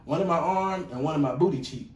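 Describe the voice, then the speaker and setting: Young male co-host, animated profane storyteller, slightly high voice, distant from the mic, faint noise behind. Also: quick pace, roomy sound. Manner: animated, profane, acts out quotes loudly. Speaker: podcast co-host. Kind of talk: casual storytelling chat.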